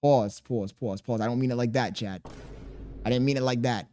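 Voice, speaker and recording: A young man chatting casually on his livestream, reading chat aloud and talking slowly on purpose, with plenty of swearing. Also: medium pitch, warm tone, a little hiss or hum. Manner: laid-back, deliberately slow storytelling, swearing, reading chat aloud. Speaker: streamer.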